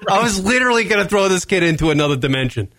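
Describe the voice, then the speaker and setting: A man co-hosting a comedy talk podcast, telling stories in a profane, animated way with lots of fillers. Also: high-pitched, rapid-fire, no room sound. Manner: animated, swears constantly, frequent fillers. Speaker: podcast co-host.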